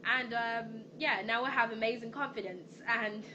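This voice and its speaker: A young woman tells a personal story to her viewers, rambling and restarting with frequent ums. Her voice sits a little high, and there is a noisy hiss behind her. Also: normal speed, highs cut off. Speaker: vlogger. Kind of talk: storytime vlog.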